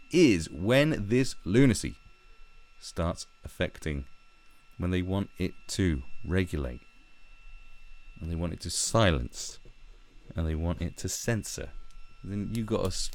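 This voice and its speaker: A man's voice: sits low, moderate pace, a little mellow. A man giving a profane, mocking, rambling commentary as the host of his own vlog. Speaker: online commentator.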